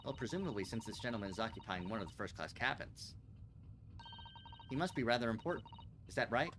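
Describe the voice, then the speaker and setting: A gentle, courteous young woman, as a man voices her. The voice stays low and quiet, with a lively rise and fall. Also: quick pace, noisy background, lightly acted. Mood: polite. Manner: soft-spoken, courteous. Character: polite young Japanese woman, gentle assistant. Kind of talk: voicing game characters on a livestream.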